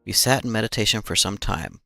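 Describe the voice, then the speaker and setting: Guy doing a grim old soldier reading his game diary, real deep and slow, gravelly. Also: expressive, bright, forceful tone, no room sound, faint music behind, exaggerated voice. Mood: grim, cold. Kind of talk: reading game notes aloud.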